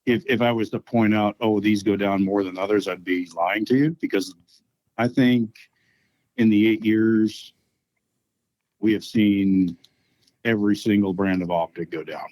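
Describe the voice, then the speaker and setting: Low, mellow-voiced man explaining. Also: unhurried, pauses often, poor audio. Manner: relaxed, explaining at length with many ums. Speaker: match organizer. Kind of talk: casual podcast interview.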